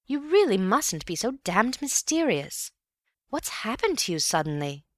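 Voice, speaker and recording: A woman voicing an eager, excitable young man who exclaims and fires off quick questions. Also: mid-range voice, no room sound, studio quality, voice pushed up. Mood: excited.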